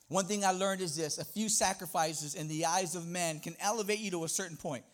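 Higher-voiced man preaching with fervor. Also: normal speed. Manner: impassioned preaching that swings between loud and quiet. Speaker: guest preacher. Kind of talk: sermon. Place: church.

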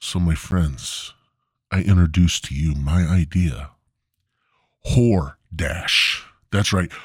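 A man's voice: deep voice, husky, dry recording, clean studio sound. A man hosting a comedy podcast, delivering a profane, rambling, mock-indignant rant. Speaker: podcast host.

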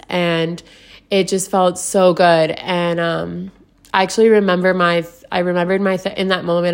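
A young woman talking candidly to her viewers about a personal experience, emotional and full of "like" fillers, laughing often. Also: on the low side. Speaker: vlogger. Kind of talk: casual personal storytelling.

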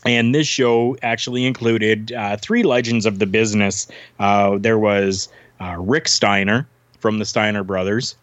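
A man's voice: lowish voice, fairly even intonation, measured pace, fairly bright tone, no room sound, muffled recording. Rambling Canadian man telling wrestling stories. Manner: rambling anecdotes with many fillers and restarts, acting out quoted voices. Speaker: podcast guest, former wrestler. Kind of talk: casual storytelling.

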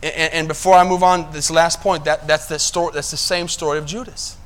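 A male pastor with a fairly high voice and steady tone preaches at a moderate pace. He makes sure the congregation is following, moving between soft asides and loud, emphatic moments.

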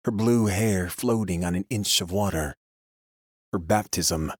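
A man with a low, husky voice narrates a first-person story from a script. His telling is steady, grim and measured. The recording is dry and close, with no room sound. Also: no room sound.

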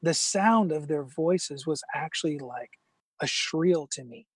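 In a dry, echo-free recording, a husky, fairly high-pitched middle-aged man shares a personal story as an interview guest. He comes across as earnest and halting, frequently starting over.

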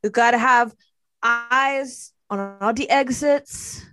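A woman's voice: on the high side, slow pace, pushed and bright, no room sound. A woman voicing a sweet, friendly female pet dog who talks earnestly about being street-smart.

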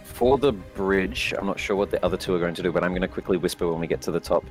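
A man playing in a tabletop game over a headset, halting with many fillers. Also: low voice, music in the background, rough recording. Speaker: player. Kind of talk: casual tabletop chat.

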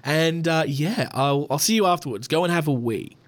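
A man's voice: a little high, animated, normal speed. A man hosting a podcast in a loose, rambling way, chatting and swearing freely. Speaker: podcast host. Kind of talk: casual podcast chat.

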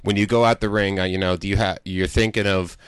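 A man's voice: low voice, steady tone, fast, clear, resonant tone, no room sound, clean studio sound. A man in his thirties, co-hosting a podcast interview in casual, rambling talk with many fillers and restarts. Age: 30s. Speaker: podcast co-host.

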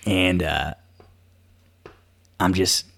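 A man with a notably low voice tells a story in a relaxed, conversational way. He loops through fillers and restarts and slips into other people's voices as he quotes them. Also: extremely slow, vocal fry. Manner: animated storyteller who acts out quoted dialogue; loose and rambling, many fillers and self-restarts.

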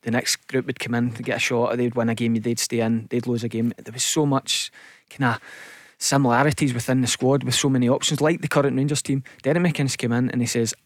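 Man, football pundit, rambling storyteller, mid pitch, dry studio. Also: a little fast, few pauses, no echo. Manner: relaxed storytelling with fillers. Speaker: football pundit and former player. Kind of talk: radio football chat. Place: radio studio.

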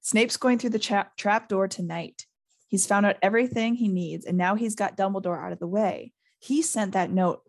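A woman's voice: medium pitch, normal speed, natural voice. A woman reading as a determined eleven-year-old boy, urgent and earnest.

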